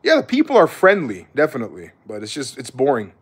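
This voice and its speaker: A man's voice: mid-range voice, huge pitch swings, fast talker, husky. A young man talking loosely to his viewers on a live stream. He is laid-back and swears casually, throwing "bro" into nearly every thought.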